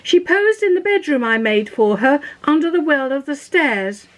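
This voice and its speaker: A woman poet reading her poem over a video call in a measured, unhurried way. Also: sits high, lively intonation, poor audio. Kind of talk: poetry reading.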